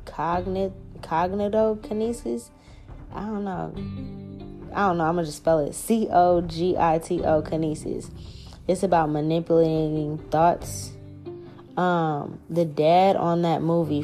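A woman's voice: low voice, gravelly, dark tone. A young woman hosting a spiritual podcast, talking in a laid-back, rambling way and swearing casually. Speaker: podcast host.

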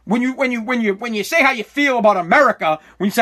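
A man with a high voice talks straight to his live chat. His tone is bright and sharp, and he rants fiercely, swears a lot and keeps repeating himself. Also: fast talker, few pauses. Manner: fiery, profane, repetitive. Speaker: livestreamer. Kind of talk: heated ranting commentary to live chat.

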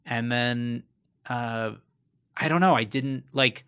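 A man's voice: mid-range voice, slow pace, fairly bright tone, smooth. A man guest from South Florida, talking candidly in a rambling, storytelling way on a casual podcast. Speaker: guest, comedian.

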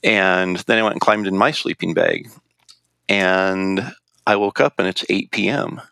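Male storyteller, deep and gravelly, casual and rambling, dry close sound. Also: measured pace, sharp tone, dry recording. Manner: rambling, with restarts and quoted dialogue. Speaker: guest recounting a hunting trip.

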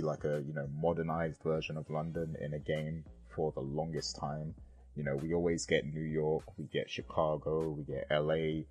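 A man co-hosting a casual podcast, rambling with many ums and you-knows. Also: extremely low pitch. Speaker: podcast co-host.

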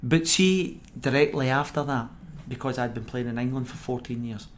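A middle-aged Scottish man, a former footballer, telling animated stories as a podcast guest with frequent laughs. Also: mid-range voice, moderate pace. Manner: animated anecdote-telling, acts out quoted voices, laughs often. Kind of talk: podcast interview storytelling.

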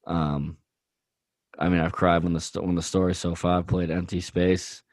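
Deep-voiced earnest man, casual podcast chat. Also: level tone, moderate pace, no room sound. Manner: earnest, rambling with many fillers. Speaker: podcast co-host.

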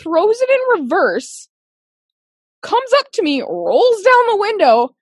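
A woman's voice: extremely high pitch, slow, no echo, studio quality. A woman, telling stories in casual podcast chat, cursing freely and acting out what people said. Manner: profane, animated storyteller, acts out quotes.

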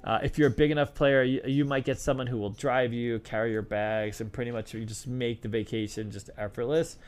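A man's voice: mid-range voice, fairly even intonation, brisk, smooth. A middle-aged man, a former craps dealer, answering questions and telling stories in a rambling, casual way full of fillers and restarts. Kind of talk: casual storytelling Q&A.

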